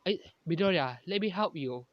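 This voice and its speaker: A narrator voicing a calm, matter-of-fact teenage boy, slightly lower than the narration. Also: moderate pace, dry recording, highs cut off, natural voice.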